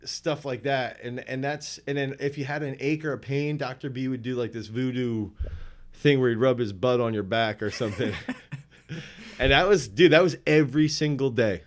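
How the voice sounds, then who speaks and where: A man who coaches throwers, talking in a rambling, animated way in a relaxed podcast interview. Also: medium pitch, brisk.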